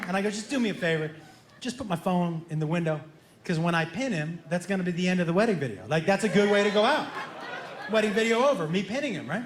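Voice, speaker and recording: Animated male stand-up comedian, high voice. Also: fast talker, slight background noise. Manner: animated, acts out his son's lines in a childish voice. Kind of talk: stand-up storytelling. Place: comedy club stage. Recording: echoey club with loud crowd laughter.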